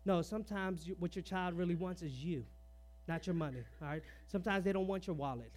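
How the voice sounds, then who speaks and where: A man's voice: high voice, brisk, darkish tone. A man preaching a sermon on parenting, firing off rhetorical questions, dropping "all right" between points, and sharing personal stories in an earnest, conversational way.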